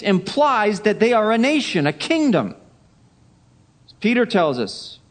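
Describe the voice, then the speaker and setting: A man preaching a Sunday sermon, emphatic, repeating key phrases and dropping to a hush for effect. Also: high voice. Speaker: pastor.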